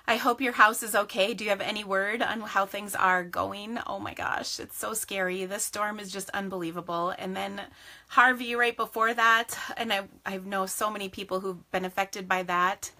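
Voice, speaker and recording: A woman in her forties hosts a casual live stream, greeting viewers one by one. Her voice is bright, and she laughs easily as she chats. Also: medium pitch. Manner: chatty, greets viewers by name, laughs often. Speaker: craft business host.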